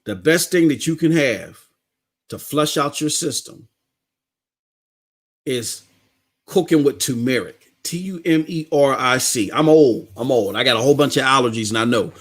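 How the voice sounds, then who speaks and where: A middle-aged man, hosting a casual live gaming stream, animated and repetitive, laughing often. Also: medium pitch, moderate pace.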